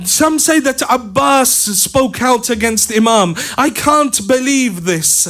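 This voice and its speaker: A man preacher telling a mournful story in a sermon, slow and chanting, at times half-sung. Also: extremely high pitch, animated, fairly bright tone.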